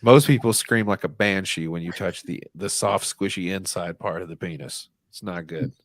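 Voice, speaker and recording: A man with a very low voice trades crude, profane jokes in casual podcast banter. He talks bluntly and mockingly, and the recording is dry and close, with no room sound. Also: moderate pace, dry recording. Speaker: podcast co-host.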